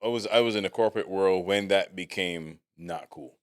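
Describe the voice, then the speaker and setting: A man in his forties hosting a podcast, telling stories in an animated, profane way. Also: sits low, normal speed, clean tone. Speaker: podcast host. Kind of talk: casual podcast chat.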